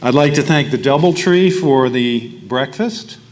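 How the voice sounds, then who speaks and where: A man speaking as mayor at a breakfast event, halting with fillers and self-deprecating jokes. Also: mid-range voice. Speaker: mayor giving remarks.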